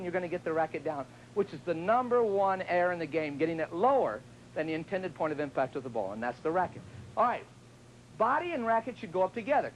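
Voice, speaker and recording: High voiced guy coaching tennis, jokey and chatty, bounces all over, bit of hiss on an old tv tape. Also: low-quality recording. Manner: chatty, joking, acts out students' lines. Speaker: tennis instructor. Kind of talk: televised tennis lesson.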